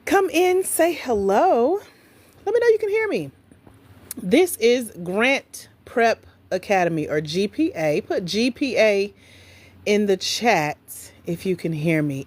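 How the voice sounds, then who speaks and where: Lively, chatty woman livestream host. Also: medium pitch, measured pace. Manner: chatty, playful, talks straight to viewers. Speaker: livestream host, grants coach. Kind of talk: casual livestream chat.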